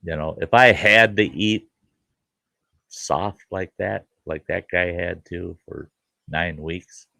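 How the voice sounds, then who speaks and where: A man's voice: deep voice, takes it slowly, creaky, bright, forceful tone, no echo. A man hosting a casual show, telling folksy stories with laughs and acted-out quotes. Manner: folksy, laughing storyteller who acts out quoted voices. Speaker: show host. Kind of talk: casual storytelling chat.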